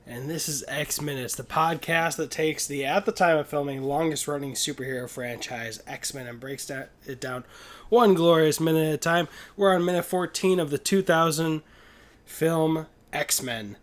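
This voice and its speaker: A man co-hosting a casual film podcast over a video call, upbeat, with quick asides and quoted movie lines. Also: on the high side. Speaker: podcast co-host.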